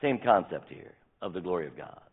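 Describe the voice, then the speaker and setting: A pastor in his sixties preaching a sermon, earnest and emphatic, slowing down when he reads scripture. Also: deep voice, animated, gravelly, slightly rough. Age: 60s. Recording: tinny phone-like sound.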